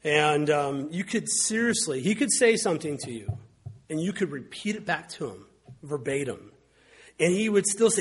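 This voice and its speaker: A man delivers a sermon in a relaxed, conversational way, slipping wry anecdotes into his teaching. His voice sits a little high for a man. It has a husky, breathy edge. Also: normal speed. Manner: conversational, wry storytelling with mimicked quotes. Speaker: pastor.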